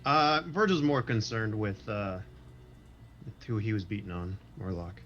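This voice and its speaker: A man playing a tabletop game who speaks hesitantly and gently about his character. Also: on the low side, a little slow, lo-fi sound. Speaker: player. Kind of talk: casual tabletop play.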